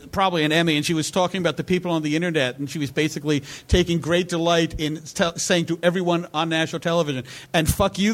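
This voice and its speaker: A man's voice: sits high, a bit bright. A man on a live panel in front of an audience, casually telling stories about writing and acting out the voices he quotes. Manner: storytelling, acts out quoted voices. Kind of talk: casual stage conversation.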